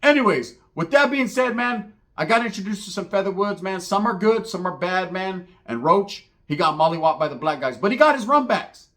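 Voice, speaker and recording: A man's voice: sits high, moderate pace, hardly any pauses. A man telling a profane comedic street story, acting out the voices of the people in it. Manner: animated, profane, slangy, acts out voices in the story.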